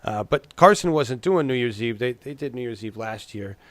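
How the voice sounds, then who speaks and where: A man's voice: medium pitch, animated, moderate pace, a bit bright, dry recording. A man co-hosting a casual political chat, rambling and restarting his words, slipping into mocking impressions. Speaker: podcast co-host.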